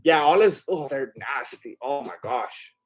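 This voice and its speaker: A man's voice: medium pitch, expressive, unhurried. A man hosting a casual live watch-along stream, reading viewer comments aloud while eating, chatty and a bit scattered, laughing often. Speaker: livestream host.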